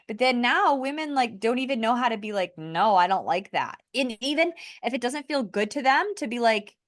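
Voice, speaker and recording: A woman hosting a casual podcast conversation, earnest and animated, laughing lightly between points. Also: a little high, normal speed, no room sound, clean studio sound. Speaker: podcast host.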